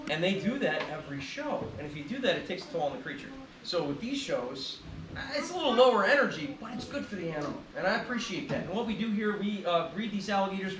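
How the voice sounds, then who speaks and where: A man presenting a live alligator show outdoors, explaining and joking with the crowd. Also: high voice. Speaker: alligator handler. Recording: far-off, echoey, loud outdoor noise.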